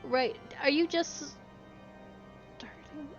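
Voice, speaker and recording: A woman streamer talks casually through her gameplay, wry and chatty. Her voice sits a little high, and the audio is slightly dull with soft game music behind her. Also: takes it slowly.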